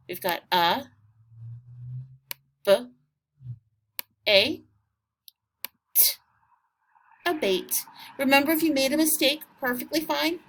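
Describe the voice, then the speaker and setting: A woman teacher giving a recorded vocabulary lesson to students, speaking patiently and encouragingly and sounding words out slowly. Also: a little high, slight background noise.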